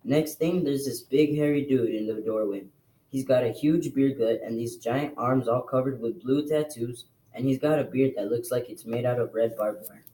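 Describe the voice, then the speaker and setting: A man reading a novel aloud to a class in a plain, steady storytelling voice. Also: mid-range voice, moderate pace, poor audio. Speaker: reader.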